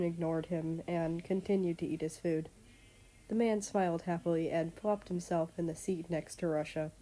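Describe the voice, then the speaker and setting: A woman's voice: on the low side, fairly even intonation, normal speed, warm tone. A woman reading fan fiction aloud as narrator. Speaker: story reader.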